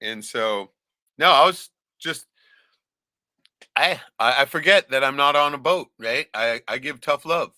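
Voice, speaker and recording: A man's voice: medium pitch, a little slow, pushed and bright, no echo. A man telling stories in casual chat, bluntly and with constant swearing. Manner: swears constantly, blunt storytelling with lots of "right?".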